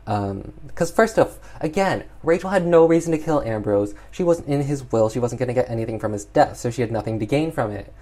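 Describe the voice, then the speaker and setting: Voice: medium pitch, expressive, a little fast, hardly any pauses, dark tone. Chatty exasperated film recapper. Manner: chatty, exasperated, heavy use of "like". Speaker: film reviewer.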